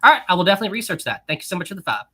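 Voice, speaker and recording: Male livestream host: casual, giggly, rambling, bright tone. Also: high-pitched, sing-song, very fast, slightly rough. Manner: chatty, giggly, rambling with many restarts. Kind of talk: casual livestream chat, reading super chats.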